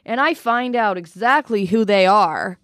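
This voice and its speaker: A woman's voice: medium pitch, expressive, measured pace, a bit bright, no room sound, clean studio sound. A woman playing a brash, boastful American male self-help mentor who rambles with many fillers. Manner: rambling, cocky, full of fillers. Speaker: studio guest. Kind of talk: improvised comedy role-play.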